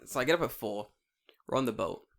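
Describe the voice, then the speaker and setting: A man in casual podcast chat, animated and full of swearing. He acts out his own inner voice as he tells his stories. His voice sits at an ordinary middle pitch. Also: quick pace, vocal fry. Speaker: podcast co-host.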